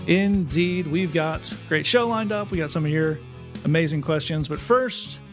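Male podcast host, higher-pitched voice, dry mocking delivery, soft music underneath. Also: normal speed. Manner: sardonic, mocking delivery with animated read-out quotes. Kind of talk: casual podcast chat.

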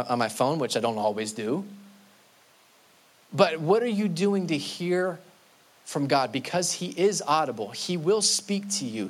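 Male pastor, sermon, slightly high voice, earnest, repeats and restarts words, slow stressed scripture quotes.

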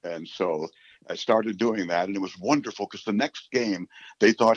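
Older man, sportscaster, interview storytelling, rambling, low voice, muffled dry recording. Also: moderate pace, dry recording. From New York City. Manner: rambling storyteller, repeats words, animated asides. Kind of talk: reminiscing in a long interview answer. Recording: slightly dull, dry recording.

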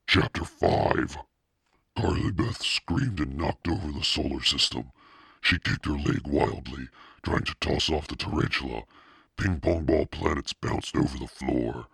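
A man reading a children's novel aloud as narrator in a steady, plain storytelling manner. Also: extremely low pitch, moderate pace, gravelly, slightly rough, no room sound, clean studio sound. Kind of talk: audiobook reading.

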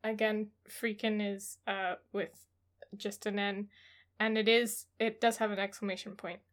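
A woman's voice: mid-range voice, level tone, a little slow. A woman co-hosting a comedy podcast, reading romance blurbs aloud in a wry, giggly, mock-dramatic way. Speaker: podcast co-host.

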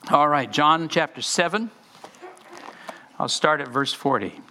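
A man preaching a sermon with animated delivery, often restarting and repeating words. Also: a little high, measured pace, long pauses, a little hiss or hum. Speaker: pastor.

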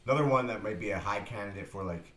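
A man co-hosting a movie podcast, talking in a relaxed, halting, conversational way. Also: lowish voice, echoey room. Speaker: podcast co-host. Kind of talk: casual chat.

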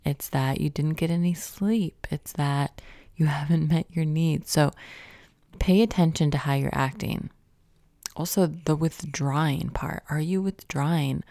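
Low gravelly female podcast host, young adult, casual self-help chat with lots of questions and quiet whispered asides; dry close mic. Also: steady tone, a little slow, dry recording. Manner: conversational, asks many questions, drops to a whisper at times. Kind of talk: reflective self-help talk.

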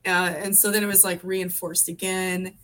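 A woman's voice: lowish voice, flat delivery, moderate pace, fairly bright tone. Rambling woman telling stories. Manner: rambling, many fillers and restarts. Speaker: podcast guest. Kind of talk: casual conversation.

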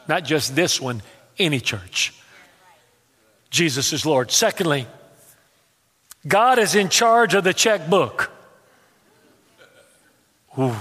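A male pastor with a high, bright-toned voice delivers an animated, joking sermon, often doubling back on his words as he goes. His voice carries a long reverb, as if ringing through a big church hall. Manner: animated, humorous storytelling with repetitions and stammered restarts.

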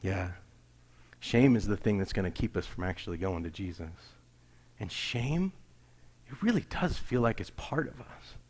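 A middle-aged man preaching a sermon as a pastor, acting out dialogue in an animated storytelling manner and sometimes dropping to near-whispers. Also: lowish voice, moderate pace, husky. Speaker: pastor serving missionaries.

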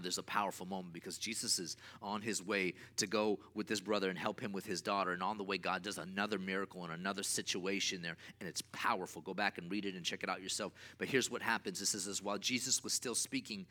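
A man preaching a sermon as pastor, with emphatic repeated refrains and swings from loud to quiet. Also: on the low side.

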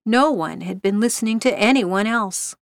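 A woman reading a short story aloud with a steady, even storytelling delivery. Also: mid-range voice, normal speed, smooth, dry recording, clean studio sound. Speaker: narrator.

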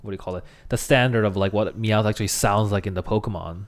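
A man's voice: fairly low pitch, steady tone, fast talker. A man chatting casually with a friend. He laughs often and sometimes trails off mid-thought. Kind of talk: casual chat.

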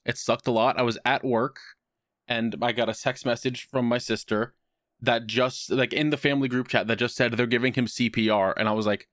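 A man on a podcast, telling a personal story in casual chat with a wry tone and quick put-on voices for other people. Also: mid-range voice, fairly even intonation, fairly bright tone, no room sound, studio quality. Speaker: podcast co-host.

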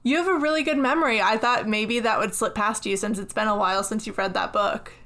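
A woman's voice: mid-range voice, fairly even intonation, brisk, fairly bright tone. A young woman co-hosting a podcast, chatting casually, giggly and frank. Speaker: podcast co-host. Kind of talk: casual chat.

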